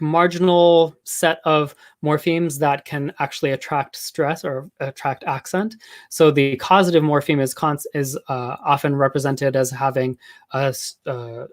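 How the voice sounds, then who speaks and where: A man giving an academic linguistics talk, explaining in a casual way with many filler words and small restarts. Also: a little high. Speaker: linguistics lecturer.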